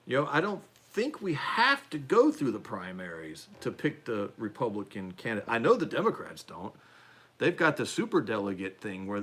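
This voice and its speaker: A man's voice: medium pitch, fairly bright tone, slightly rough. A man hosts a loose, unscripted political chat on a live stream. He rambles, restarts his sentences and pokes fun at himself. His voice rises and falls a lot as he talks. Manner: rambling, self-deprecating, frequent restarts and fillers. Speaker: podcast host.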